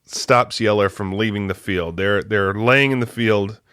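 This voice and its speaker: Man, film club host, casual plot recap, chatty, fillers, lower pitch, dry close sound. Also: fairly even intonation, measured pace, a bit bright, clean tone, no echo. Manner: chatty, laughing asides, many fillers.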